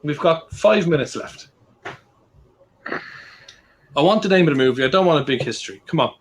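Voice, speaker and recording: Guy cohosting a podcast, swears a lot, gets worked up fast. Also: a little high, lively intonation. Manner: bossy, swears, quick to get riled. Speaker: podcast co-host. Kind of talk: casual chat.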